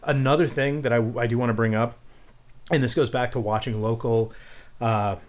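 A man's voice: mid-range voice, fairly even intonation, normal speed. A man co-hosting a casual podcast chat about voice acting and accents, talking in a rambling, jokey way.

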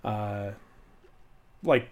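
A man's voice: lowish voice, drawn-out words, a little hiss or hum. Profane joking man rambling on a podcast. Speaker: podcast co-host. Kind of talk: casual podcast chat.

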